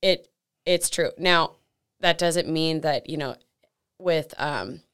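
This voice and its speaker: A woman with a low voice who speaks slowly and deliberately. She co-hosts a casual faith podcast and keeps backing up her partner. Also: fairly bright tone, clean tone. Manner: responsive, affirming listener. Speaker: podcast co-host.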